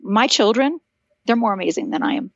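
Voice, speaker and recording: A woman's voice: on the high side, expressive, fairly quick, dry recording, lo-fi sound. A woman in her fifties, a guest author, telling stories animatedly in a casual podcast conversation and acting out the voices she quotes.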